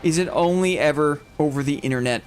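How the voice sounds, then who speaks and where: A man's voice: a little high, fairly quick, a little hiss or hum. A man hosting a gaming livestream, chatting casually with his viewers and rambling with frequent restarts and laughs. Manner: rambling, self-interrupting, laughs often. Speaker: streamer host. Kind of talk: casual chat while gaming, reading chat.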